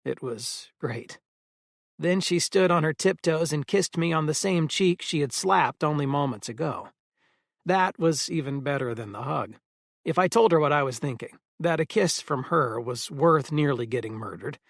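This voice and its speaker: A man narrating a first-person audiobook in a steady storytelling manner. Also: fairly high pitch, moderate pace, vocal fry, dry recording, studio quality.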